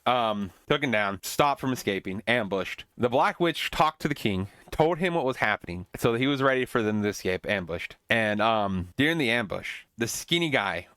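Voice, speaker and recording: A man's voice: medium pitch, animated, moderate pace, hardly any pauses, a bit bright, clear, resonant tone, no room sound. A man hosting a podcast, casually recapping a film in a rambling way with many restarts. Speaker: podcast host.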